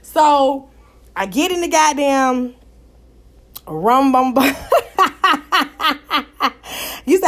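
High-voiced woman telling a story. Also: drawn-out words, pauses often. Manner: animated, profane, exclaiming praise. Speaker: vlogger. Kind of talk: casual storytime monologue.

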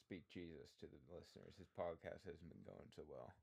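A man co-hosting a comedy podcast in casual chat, offhand and deadpan. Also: a bass voice, fairly quick, creaky, breathy edge. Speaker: podcast co-host.

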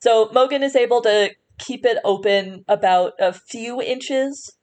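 A woman's voice: on the high side, unhurried, darkish tone. A woman running a tabletop game as game master, narrating scenes with fillers and restarts.

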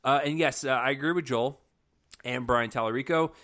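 A man's voice: medium pitch, brisk, a bit bright. A man co-hosting a film review chat, retelling scenes animatedly with exasperated asides. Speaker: film review podcast co-host. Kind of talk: casual chat.

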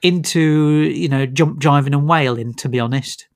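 A man reviewing films in a casual podcast chat, griping with an animated, exasperated manner and many stammered restarts. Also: medium pitch, moderate pace, no echo, studio quality. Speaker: film reviewer.

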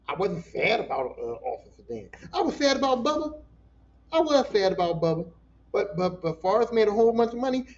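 A man hosting a casual solo podcast, ranting in an animated, profane way and talking back to his listeners. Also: very high voice, muffled recording. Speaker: podcast host.

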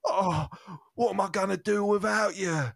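Bloke doing a coarse gravelly actor type, slow and raspy, pretty high voice, dry sound. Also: male voice, lively intonation, fairly bright tone, heavily acted. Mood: mournful. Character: gruff crude British actor playing a lonely cheese sculptor. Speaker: improv player. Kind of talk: improv comedy.

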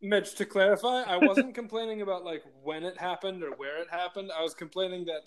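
A man's voice: sits high, fairly quick. A man, a teacher, chatting casually on a school podcast and rambling as he corrects himself.

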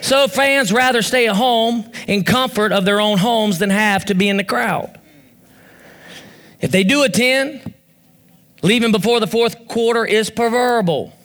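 A man pastor preaching a lively sermon, acting out voices and rising to shouts. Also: extremely high pitch, a little slow. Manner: animated preacher, acts out voices, rises to shouts.

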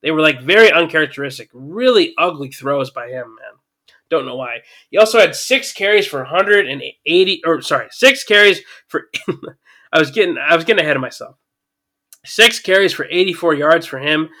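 A man giving a casual, chatty recap of a football game, getting excited at big plays and using lots of fillers. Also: a little high, moderate pace. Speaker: sports commentator.

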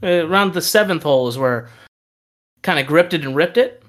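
A man co-hosting a casual podcast, telling animated stories with frequent laughter and casual swearing. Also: on the high side, a little fast. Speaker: podcast co-host. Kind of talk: casual chat.

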